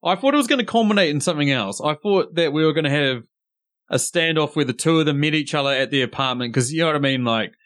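A man hosting a casual podcast chat, talking through his points in a relaxed, rambling way. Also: fairly high pitch, fast. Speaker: podcast host.

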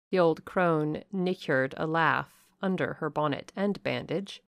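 Slow gravelly woman reading a classic novel. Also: deep voice, no echo, studio quality. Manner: measured, even reading. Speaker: audiobook reader. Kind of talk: scripted audiobook narration.

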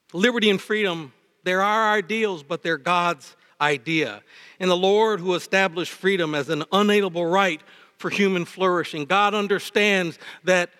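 Pastor guy preaching, really high bright voice, big echoey church hall. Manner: impassioned preaching, swinging between high fervor and low emphasis. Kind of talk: sermon. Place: church sanctuary. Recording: long reverb of a church hall. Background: hall reverb.

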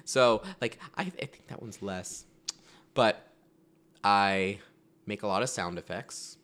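A man's voice: lowish voice, slow, a bit bright. A man chatting as a guest on a podcast, rambling through stories with lots of fillers and self-deprecating asides. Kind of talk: casual chat.

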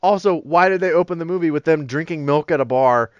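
A man in his thirties banters on a podcast, throwing in wisecracks and ribbing his co-host. His voice sits slightly higher than most men's. The sound is close and dry. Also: fast talker, clear, resonant tone, no echo, highs cut off. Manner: joking, teasing interjections. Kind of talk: casual chat.

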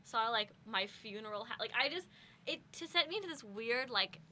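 A young woman chats in an animated, giggly way and pokes fun at herself. Her pitch swings widely and her tone is bright, with faint room ambience behind her. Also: moderate pace, a little hiss or hum. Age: young adult. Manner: animated, giggly, self-mocking. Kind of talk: casual chat.

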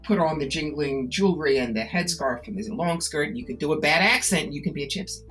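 A woman author and psychic tarot reader in an interview, telling stories in an animated, emphatic and persuasive way. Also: low-pitched, fast, faint music behind. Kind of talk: interview conversation.

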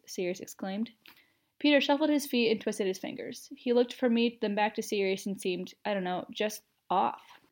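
A woman narrating a story in the first person, with an expressive, even reading. Her voice sits at an ordinary middle pitch. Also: normal speed.

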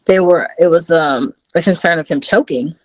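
A woman's voice: moderate pace, low-quality recording. Woman, 30s, podcast guest, chatty storyteller who acts out the quotes. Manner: animated, acts out quotes in a high voice. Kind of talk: casual storytelling.

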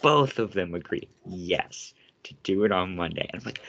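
A young man hosts a casual podcast with a fairly low voice. He rants and vents with sarcasm and plenty of swearing. The recording sounds dull and lo-fi. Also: animated, normal speed, creaky, a bit bright. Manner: ranting, sarcastic, swears often. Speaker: podcast host.

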